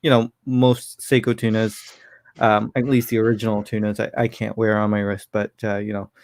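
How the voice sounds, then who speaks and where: A man co-hosting a casual livestream, laughing easily and talking through watch video reviews in a relaxed, rambling way. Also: lowish voice, normal speed. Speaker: co-host.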